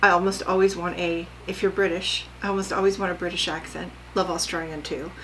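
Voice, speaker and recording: A woman's voice: fairly low pitch, flat delivery, brisk, a bit bright, a little hiss or hum, low-quality recording. An older woman vlogging casually about her sewing, chatty and rambling, often asking her viewers questions.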